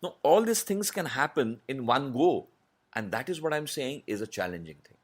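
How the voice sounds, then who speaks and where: A man, a voice artist answering interview questions in a measured, explanatory way with many pauses. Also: mid-range voice, sing-song. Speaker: voice artist guest.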